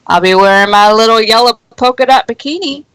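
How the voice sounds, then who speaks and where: A woman's voice: on the high side, fairly quick, a bit bright, smooth, no room sound. A woman co-hosting a live stream, playfully teasing viewers in casual chat. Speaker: co-host of a live stream show.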